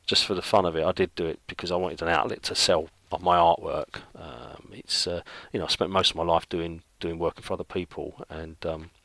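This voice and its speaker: A middle-aged man talks an illustration vlog through in a very low voice, musing aloud and filling gaps with ums and restarts. The sound is dry and close, with no room echo around him. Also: fairly even intonation, brisk, gravelly, hardly any pauses, a bit bright. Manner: rambling, thinking aloud with many fillers. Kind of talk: casual narration while drawing.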